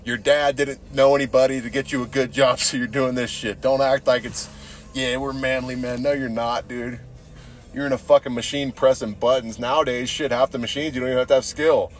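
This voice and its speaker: A man's voice: medium pitch, steady tone, brisk. Crude rambling guy, constant cursing. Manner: rambling, crude, swears a lot, says dude constantly. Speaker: podcast host. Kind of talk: casual profane storytelling.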